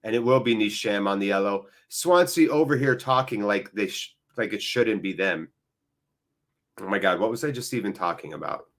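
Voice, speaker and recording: This watchalong host's voice leans low and his pace is moderate. He covers a live football game with easygoing commentary, drifting into eager, meandering chat.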